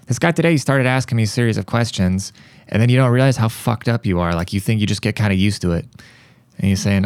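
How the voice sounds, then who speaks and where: A man hosting a podcast, telling a rambling story in a casual, profane, animated way. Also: fairly low pitch, fast talker, dry recording. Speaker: podcast host.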